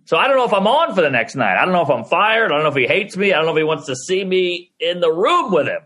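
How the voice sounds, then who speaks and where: Comedian guy telling a story on a podcast, bright voice, pretty high, acts out everyone. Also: quick pace. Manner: animated, acts out the people in his stories. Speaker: stand-up comedian guest.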